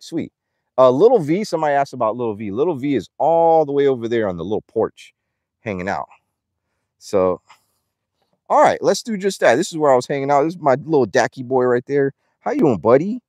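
Livestreaming casually from an animal ranch outdoors, a young adult man chats, reads donor names aloud, and coos at the animals. His mid-range voice is a little mellow, and the recording is dry with clean studio sound.

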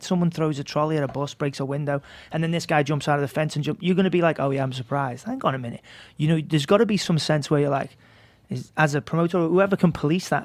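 A man with a slightly high voice who talks quickly on a casual podcast, laying out his arguments in a thoughtful, reasoned way. The sound is dry and close. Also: no echo. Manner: thoughtful, reasoning things out at length. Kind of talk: casual chat.

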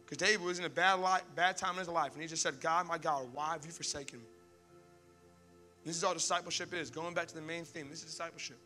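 A young pastor preaches an animated, story-driven sermon, putting on squeaky, panicked voices for the characters in his stories.

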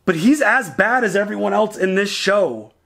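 Man, reaction co-host, casual chat, slightly high voice, eager retelling of scenes. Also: gravelly, slightly rough. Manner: excited, quotes characters in quick retellings.

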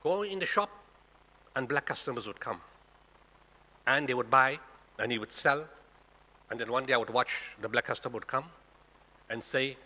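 Hall reverb surrounds this Friday talk at a mosque, where a South African guest speaker in his sixties fires rhetorical questions at the worshippers in his South African accent. His mid-range voice is animated and sharp, moving a little fast but stopping often.

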